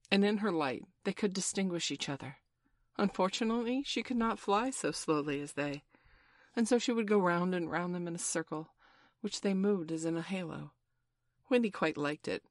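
Brief: low-pitched woman, gentle storybook narrator, dry close sound. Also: no room sound.

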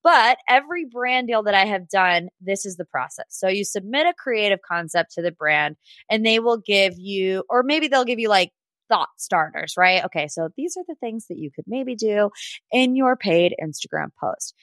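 A sassy, gossipy woman recaps reality TV in a chatty, casual way, often talking straight to the people she discusses. Her voice sits at an ordinary middle pitch. The recording is dry, with no room sound. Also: expressive, moderate pace, a bit bright, no room sound. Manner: chatty, with frequent "like" and laughs. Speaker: podcast host.

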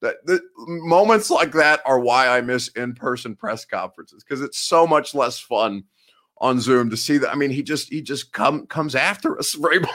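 With a mid-range, fairly bright, expressive voice at normal speed, this podcast host and sports reporter, a man around thirty, chats on a casual live show. He reads viewer comments, rambles, interrupts himself, and laughs a lot.

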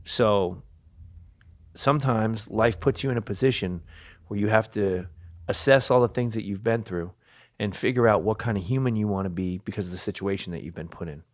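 Man in his thirties, low voice, earnest, confessional podcast guest. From New Jersey, USA. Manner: earnest, confessional, speaks slowly with pauses. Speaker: guitarist guest. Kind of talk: candid podcast interview.

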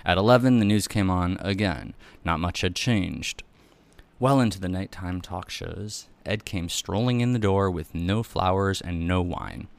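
A man narrating a first-person memoir as an audiobook reader, in a measured, even storytelling manner. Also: sits low, gravelly.

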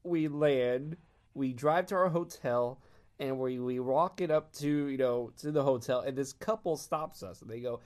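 A man from Texas telling fan anecdotes in casual chat, animated and laughing often as he acts out quotes. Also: mid-range voice, unhurried.

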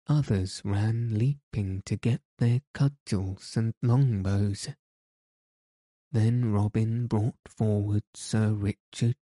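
A man reads a classic tale aloud at a very slow, measured pace, with a very dark, mellow tone. His delivery stays level and flat, and the recording is dry and close. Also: on the low side, dry recording. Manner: measured, deliberate storytelling. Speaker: narrator. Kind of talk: scripted audiobook narration.

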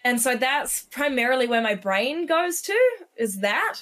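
A woman's voice: on the high side, lively intonation, a little slow, fairly bright tone. A woman co-hosting a casual group chat, playful and easily slipping into put-on accents. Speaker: podcast co-host.

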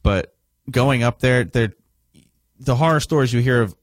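A man who is a touring musician, talking candidly and relaxed in a radio studio interview, swearing casually. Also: medium pitch, moderate pace, no echo.

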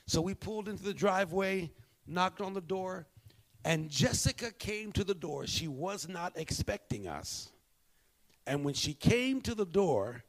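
A male pastor preaching a sermon, telling a story and moving between hushed, slow moments and emphatic bursts. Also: on the high side.

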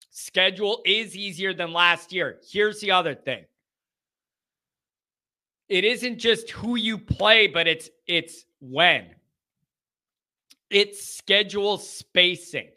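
High, sharp-toned opinionated sports host. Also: male voice. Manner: emphatic, opinionated and sarcastic. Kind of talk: casual sports commentary.

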